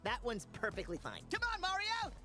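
A woman voicing a small excitable male mushroom creature who talks in a frantic, apologetic way in an animated film trailer. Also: on the high side, brisk, loud music behind the voice.

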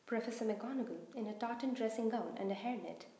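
A woman reading a children's novel aloud in an expressive storytelling manner, in a roomy-sounding recording. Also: on the high side, a little fast. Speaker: reader. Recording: roomy echo.

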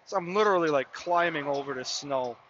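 A man's voice: a little high, brisk, fairly bright tone, dull audio, slight background noise. A man in his mid-twenties hosting a podcast, telling a casual, rambling story full of "I mean" and "you know". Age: mid-20s. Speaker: podcast host.

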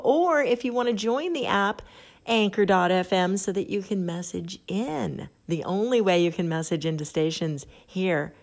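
A middle-aged woman hosting a podcast, chatting casually and reading an article aloud, often laughing at what she reads. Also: fairly low pitch. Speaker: podcast host. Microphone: phone app.

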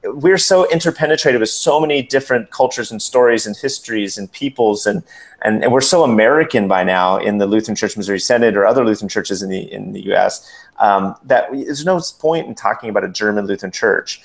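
A man speaking as a podcast guest in casual conversation, lively and acting out quoted voices. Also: on the low side, fast talker, gravelly. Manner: animated storyteller, acts out quotes.

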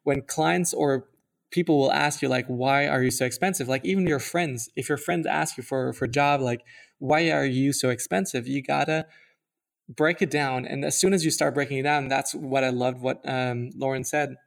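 Gravelly-voiced man co-hosting a podcast. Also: medium pitch, steady tone, normal speed. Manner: rambling, many "like" fillers and restarts. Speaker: podcast co-host. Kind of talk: casual chat.

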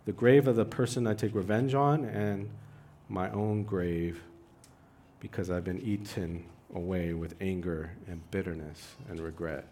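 A man preaching a sermon, who swings from loud, urgent pleading to quiet, hushed asides. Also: low voice, steady tone, unhurried, slight background noise. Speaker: pastor.

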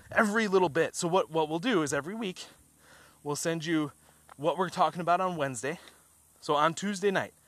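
Man, slightly high voice, pushy emphatic promoter, rhetorical questions, repeats himself. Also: fairly bright tone, dry recording. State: a little out of breath. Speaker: trading group promoter. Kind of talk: enthusiastic sales pitch.

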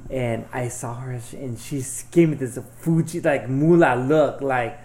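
A man's voice: mid-range voice, a little slow, darkish tone. A man on a podcast telling a long personal story in casual chat, rambling and profane with lots of filler words. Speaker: podcast guest.

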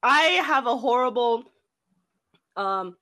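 A woman's voice: fairly high pitch, slow, fairly bright tone. Giggly young woman in casual chat. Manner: giggly, breaks into frequent laughter. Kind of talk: casual chat among friends.

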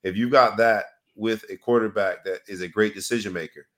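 A man co-hosting a casual sports talk podcast, building hype with an animated delivery. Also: on the low side, brisk. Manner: rambling sign-off with repeated pleas. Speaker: podcast co-host.

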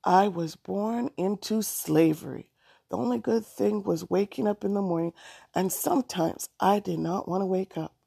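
A woman's voice: fairly low pitch, creaky, dark tone, husky, dry recording, clean studio sound, exaggerated voice. A woman reading a story aloud, voicing a stern, determined grown woman.

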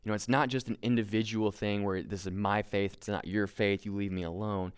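A man's voice: lowish voice, fairly even intonation, fairly quick, clear, resonant tone. A young man giving a casual sermon, conversational and self-deprecating, with lots of fillers and restarts. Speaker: preacher.

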